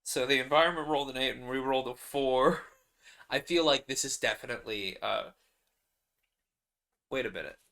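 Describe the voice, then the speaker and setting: A man's voice: mid-range voice, moderate pace, creaky, pauses often, sharp tone. A man narrating his solo tabletop game in a rambling, casual way, laughing often.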